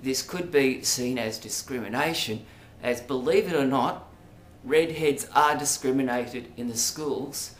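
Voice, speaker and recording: Speaking straight to camera, this Australian vlogger wanders through a hesitant, casual monologue packed with ums and side comments. He has a medium pitch and an unhurried pace with few pauses. Faint background noise sits under a roomy echo.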